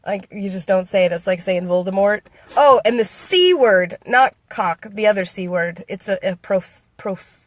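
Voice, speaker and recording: A woman's voice: medium pitch, animated, moderate pace, no room sound. An American woman vlogging casually, reading viewer comments in a playful, giggly way and laughing often. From United States.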